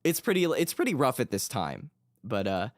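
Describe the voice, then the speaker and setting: A man's voice: mid-range voice, huge pitch swings, normal speed, dry recording, studio quality. Rambling self-deprecating male streamer. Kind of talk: casual livestream chat. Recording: background music under voice.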